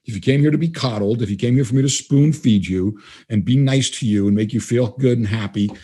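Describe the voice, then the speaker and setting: A man's voice: mid-range voice, fairly quick, warm tone, husky. A man guesting on an interview, talking bluntly and emphatically and acting out bits of dialogue. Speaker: guest trainer. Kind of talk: casual interview talk.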